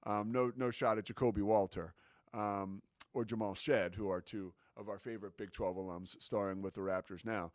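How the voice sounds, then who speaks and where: A man's voice: fairly low pitch, steady tone, moderate pace, dry recording, studio quality. A man hosting a sports talk show, talking about broadcasting in an enthusiastic, casual way with many fillers.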